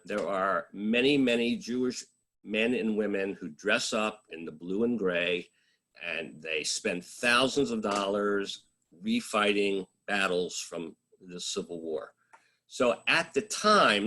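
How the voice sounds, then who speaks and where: Bright-voiced man telling wry stories. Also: mid-range voice. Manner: anecdotal, wry, with frequent fillers and restarts. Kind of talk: casual storytelling talk.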